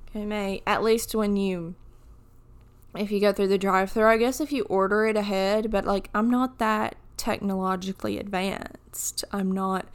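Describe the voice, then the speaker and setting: A woman's voice: medium pitch, steady tone, normal speed, clean tone. A woman in her twenties from the United States hosts her own podcast alone, chatting casually through jokey, wandering tangents in a groggy voice. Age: 20s. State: groggy morning voice. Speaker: podcast host. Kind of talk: casual solo podcast chat.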